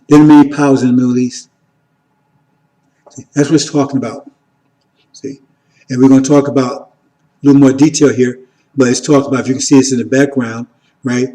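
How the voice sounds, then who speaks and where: A man giving an informal teaching sermon, repeating "See?" and "right?", moving between loud emphatic lines and quiet asides. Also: mid-range voice, flat delivery, a little fast, long pauses, rough recording. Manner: repetitive, keeps asking "See?" and "right?". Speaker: religious teacher.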